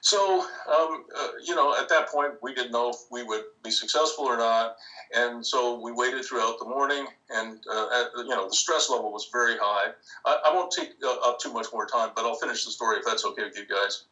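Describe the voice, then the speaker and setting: An older man, a podcast guest telling a long anecdote in an animated way, acting out other people's lines. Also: mid-range voice, a little fast, recorded from a distance, poor audio. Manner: animated, acts out quoted voices. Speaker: interview guest. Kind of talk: storytelling anecdote.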